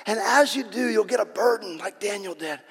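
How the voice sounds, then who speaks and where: A man preaching a sermon as pastor, impassioned and repetitive, swinging between loud and hushed. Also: high voice, normal speed, slightly rough, in a large hall.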